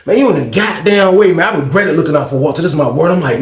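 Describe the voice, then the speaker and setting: A man telling a story casually, animated and profane, acting out scenes with sound effects. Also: fairly high pitch, fast talker, few pauses, echoey room.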